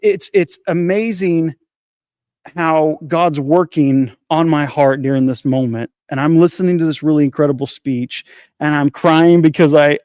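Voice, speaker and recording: A man's voice: on the high side, darkish tone, no echo, clean studio sound. Earnest man telling a heartfelt story. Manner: earnest, emotional storytelling with repeated phrases; frequent restarts and fillers. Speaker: podcast co-host. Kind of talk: casual faith podcast chat.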